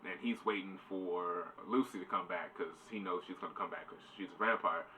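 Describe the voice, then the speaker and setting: A man's voice: deep voice, steady tone, a little fast, pushed and bright. A man giving a casual, rambling spoiler review, swearing loosely. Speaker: show reviewer. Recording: distant mic, faint background noise.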